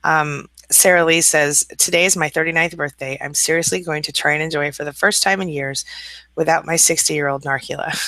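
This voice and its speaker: A woman hosting a casual live stream, reading out viewer comments and answering them with a warm, chatty manner. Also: low-pitched, fairly even intonation, a little fast, no echo.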